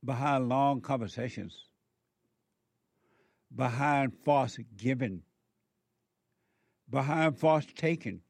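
Slow, emphatic moralizing man. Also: mid-range voice, creaky, a little mellow, no echo. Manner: slow, emphatic, repeats words for stress. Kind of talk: moralizing monologue.

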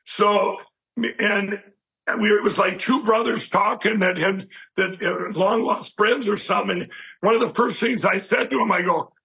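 A man being interviewed, telling a long personal story in a rambling, animated way and acting out what people said. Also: sits high, a little slow, gravelly, breathy edge, rough recording. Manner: animated, rambling storyteller who acts out quoted speech. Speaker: interview guest.

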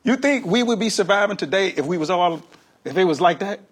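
A male comedian, a guest on an interview show, speaks in a high, husky voice. His pitch swings all over the place as he tells stories in loose slang, laughing often. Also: lively intonation, a little fast. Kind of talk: casual interview storytelling.

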